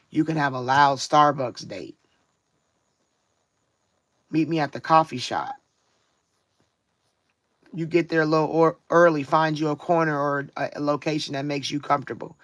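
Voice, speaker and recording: A woman's voice: low voice, fairly even intonation, no room sound. A woman giving a live-streamed spiritual card reading in a reflective way, drawing out her key words and often checking in with her listeners. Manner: reflective, drawn-out emphasis, frequent "you know what I'm saying". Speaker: tarot card reader.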